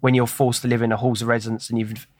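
A man in a casual interview, wandering through anecdotes with plenty of fillers, false starts and self-deprecating asides. His voice sits at an ordinary pitch, recorded close and dry with no room sound. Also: flat delivery, fast, no echo. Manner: rambling, self-deprecating storytelling with many fillers. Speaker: guest.

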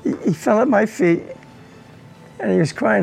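A man in his nineties, a war veteran, recounting his own memories in a halting way, repeating words as his voice breaks with emotion. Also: high-pitched, animated, creaky, darkish tone, soft background music, rough recording. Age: 90s.

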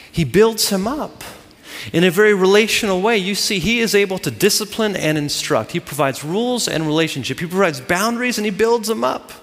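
In a large hall, a pastor preaches to his congregation, hammering his points with emphatic repeated phrases. His voice sits high and is fairly bright.

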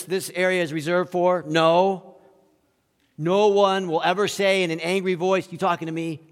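A male pastor preaching an animated sermon, acting out quoted voices and chuckling between points. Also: a little high. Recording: long hall reverb.

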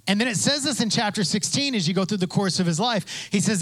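A man preaching a sermon as pastor, conversational with asides, acting out quoted voices and building to loud emphasis. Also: high voice, expressive, a little fast. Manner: conversational with asides and self-interruptions.

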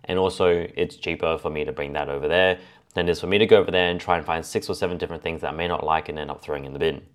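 A man's voice: low voice, steady tone, very fast. A man hosting a solo fitness podcast, talking casually and laying out his tips point by point. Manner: chatty, lists points as A and B. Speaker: fitness coach podcast host.

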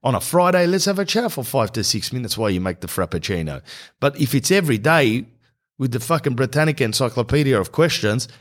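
This podcast host rattles off a slangy comic monologue and a host-read ad at high speed. His medium-pitched voice is very animated throughout.

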